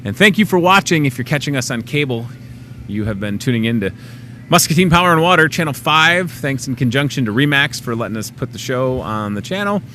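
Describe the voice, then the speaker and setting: A man hosting a local television program, chatty and self-mocking. His voice is bright and forward. A faint hum of noise sits under the speech. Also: lowish voice. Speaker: local TV show host. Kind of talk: casual on-air chat.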